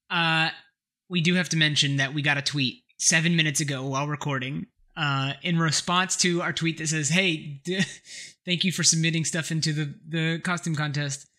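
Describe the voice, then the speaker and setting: Male co-host, bright and lively, casual storyteller with frequent laughs. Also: fairly high pitch, normal speed. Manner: laughs often, animated storyteller. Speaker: podcast co-host. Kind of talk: casual chat.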